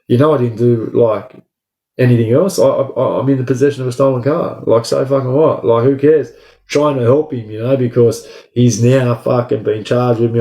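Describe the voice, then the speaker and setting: A man's voice: mid-range voice, dark tone. A young Australian man casually telling a story from his past, swearing often and rambling with plenty of "like" and "bro". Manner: profane, rambling, says "like" and "bro" a lot. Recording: echoey room.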